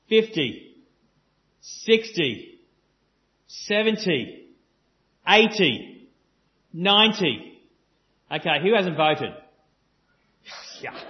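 High-voiced earnest male preacher. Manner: earnest and emphatic, repeats phrases, jokes with the audience. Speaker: pastor. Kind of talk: sermon to a live congregation. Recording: dull lo-fi sound.

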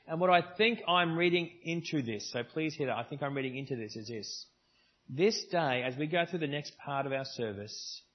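A man preaches to his congregation in a relaxed, conversational way, leaning hard on key words now and then. His voice sits a little high and has a husky edge. The church recording sounds somewhat dull and lo-fi. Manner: conversational preaching with varied emphasis. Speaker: pastor. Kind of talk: sermon. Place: church service.

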